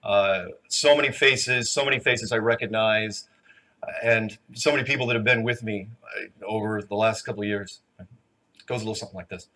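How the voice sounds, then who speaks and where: A man speaks to a packed conference hall with a bright, forceful voice. He is earnest and emotional, breaking into laughter as he leads a live Q&A. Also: fairly low pitch, brisk.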